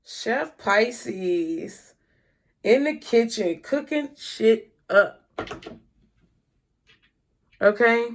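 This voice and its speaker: A woman's voice: on the high side, lively intonation, very slow, long pauses. A woman giving a casual tarot reading, chatty and blunt, with frequent swearing. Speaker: tarot reader.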